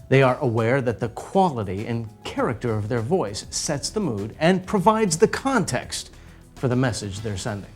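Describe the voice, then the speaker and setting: A man narrating a lesson from a script, with a fairly high voice that swoops widely in pitch. He plays up his emphasis in a playful, theatrical way. Soft music runs underneath. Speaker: narrator of an educational video.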